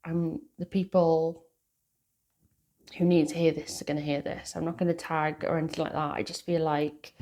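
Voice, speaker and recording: A woman's voice: lowish voice, mellow. A middle-aged woman with a British accent, a tarot reader sharing a heartfelt message with her viewers, talking earnestly and hesitantly with many fillers. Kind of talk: casual spiritual message to viewers.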